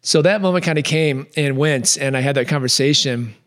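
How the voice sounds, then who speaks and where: A man's voice: on the high side, fairly quick, a bit bright. A man hosting a podcast, telling a personal story in a reflective, earnest way with frequent restarts. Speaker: podcast host.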